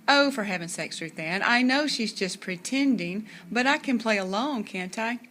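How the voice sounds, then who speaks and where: A woman voicing an excitable young girl who chatters eagerly about movies and mysteries. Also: a little high, moderate pace, a little hiss or hum. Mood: excited.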